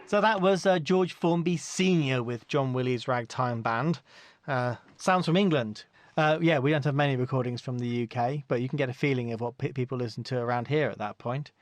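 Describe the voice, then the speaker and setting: A man hosting a podcast, introducing old records in a relaxed casual chat with many fillers. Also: medium pitch, fairly quick, few pauses, no room sound. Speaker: podcast host.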